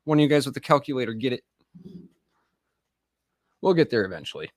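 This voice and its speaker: A man's voice: mid-range voice, big pitch swings, brisk, dry recording, studio quality. A man in his thirties, an army veteran hosting a live stream, rambling and profane as he chats straight to viewers. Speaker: livestream host and army veteran. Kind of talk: casual live-stream chat.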